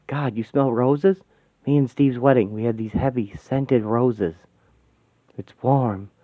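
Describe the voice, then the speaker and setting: A man's voice: medium pitch, fairly even intonation, takes it slowly, dry recording, natural voice. A man voicing a brash, grieving middle-aged woman in a fan radio-play comic, with a blunt, folksy way of talking that slips into swearing. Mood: wistful. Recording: tinny, dry, phone-like sound.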